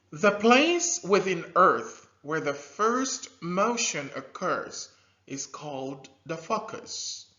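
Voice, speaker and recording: A man teaching a scripted science lesson to young learners, slow and animated, with drilled repetition and loud praise. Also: on the high side. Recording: dull lo-fi recording.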